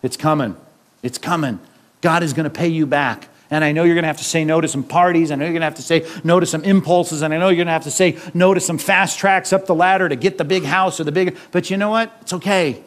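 High-voiced man preaching conversationally. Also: fairly even intonation, fast, few pauses. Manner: conversational preaching with frequent rhetorical questions. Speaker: pastor. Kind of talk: sermon.

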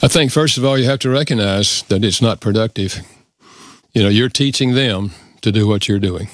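Middle-aged guy, low voice, earnest reflective storytelling, dry close sound. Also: moderate pace, no echo. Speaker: guest. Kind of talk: storytelling and advice in a radio interview.

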